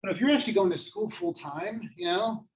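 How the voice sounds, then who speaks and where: A man's voice: high-pitched, brisk, rough recording. Rambling, chatty male classroom teacher. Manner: rambling, self-deprecating, lots of fillers. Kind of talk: casual classroom lecture.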